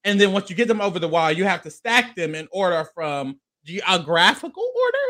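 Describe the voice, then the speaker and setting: A man co-hosting a casual reality-show recap, playful and animated, acting out people's lines. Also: high-pitched, brisk.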